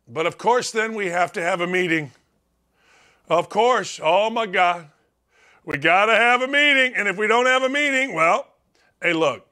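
A man's voice: high-pitched, animated, moderate pace, pushed and bright. A middle-aged man hosting a sports talk show, delivering a blunt, emphatic, sarcastic monologue. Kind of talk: opinionated monologue.

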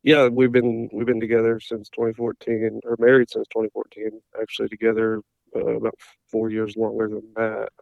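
A man in his thirties calling in to a podcast, answering in a halting, hesitant way. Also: lowish voice, monotone, vocal fry, no room sound, dull audio. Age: 30s. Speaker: caller. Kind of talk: phone-in interview.

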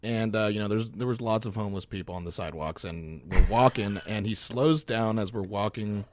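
A man's voice: on the low side, a little fast, a little hiss or hum. A man on a podcast, telling an anecdote in casual chat and chuckling as he goes.

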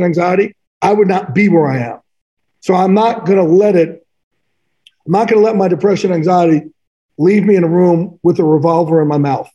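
Earnest high-voiced man, mellow tone. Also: rough recording. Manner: earnest, rambling, casual with frequent "man" and "like". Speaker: author and trainer of athletes, interview guest. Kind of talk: candid personal storytelling in conversation.

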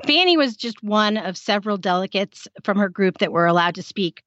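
A woman's voice: medium pitch, dry recording. Woman, podcast co-host, dramatizing storyteller, slightly muffled, dry recording. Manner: lively, dramatizing with quoted voices. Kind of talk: casual history storytelling. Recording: slightly dull, dry sound.

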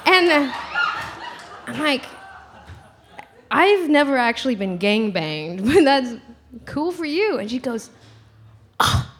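A woman's voice: sits high, slow pace, pauses often, slight background noise. A woman telling a comic personal story live, giggling and acting out the voices of others. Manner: animated, giggly, acts out quotes.

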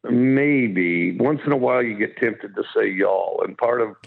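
A football coach from Wyoming with a drawl, answering in a halting way full of fillers and restarts. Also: male voice, on the low side. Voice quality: gravelly. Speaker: college football coach, guest. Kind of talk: phone interview. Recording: tinny phone line.

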